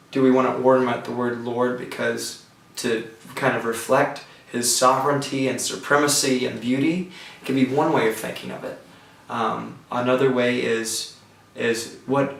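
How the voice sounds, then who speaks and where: A man teaching a songwriting lecture, talking thoughtfully with pauses and restarts, recorded from a distance from the mic. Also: mid-range voice, creaky, fairly bright tone. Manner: thoughtful, with pauses and restarts, breaks into sung examples. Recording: roomy sound from a distance from the mic.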